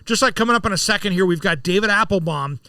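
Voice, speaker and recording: An upbeat man hosts a radio show with a bright, fairly high voice. He sits a little back from the mic in a dry studio and talks in a chatty way. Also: dry recording, far from the mic. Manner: upbeat, chatty, quick to laugh. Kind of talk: casual radio talk.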